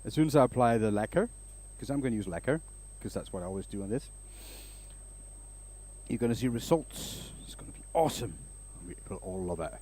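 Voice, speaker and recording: Lively, rambling male stream host. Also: lowish voice, a little fast, slight background noise. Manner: rambling storyteller, chatty. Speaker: woodturning live-stream host. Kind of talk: casual live-stream chat.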